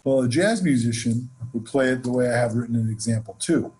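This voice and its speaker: A man teaching a jazz lesson, explaining scales in a relaxed way and counting off examples. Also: medium pitch, a little fast, soft background music. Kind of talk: instructional lesson with playing examples.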